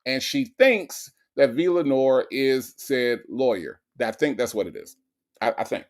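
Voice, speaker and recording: A male host riffs on a stream, reading chat aloud and mocking his subject between laughs. He talks at a medium pitch with an easy conversational delivery. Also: very animated, unhurried, gravelly. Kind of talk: comedic commentary on a livestream.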